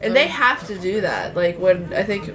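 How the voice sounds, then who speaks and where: A woman's voice: medium pitch, expressive, moderate pace, fairly bright tone. A woman co-hosting a podcast in casual chat, laughing often and reacting with short asides. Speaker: podcast co-host.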